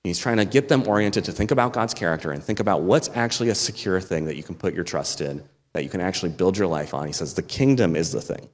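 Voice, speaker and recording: Low-voiced man preaching in a hall. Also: fast, hardly any pauses. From United States. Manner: conversational, with asides and small laughs. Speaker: guest preacher. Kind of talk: sermon. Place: church sanctuary. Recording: long hall reverb.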